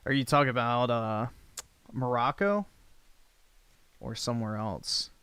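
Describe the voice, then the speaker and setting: An American livestream host chats casually, reacting to comments in a blunt, crude, offhand manner. His mid-range voice is a bit bright and smooth, his pace a little slow, and the recording has no room sound.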